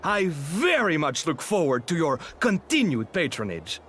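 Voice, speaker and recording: A man's voice: on the high side, big pitch swings, a little slow, fairly bright tone, faint music behind. An actor playing a polite male merchant in game dialogue, speaking formally. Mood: courteous.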